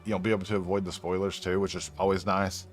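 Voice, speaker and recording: A man's voice: low voice, flat delivery, fast talker. A young man commenting casually while playing a game on stream, laughing often and swearing, rambling loosely. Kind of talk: casual let's-play commentary. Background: faint game music.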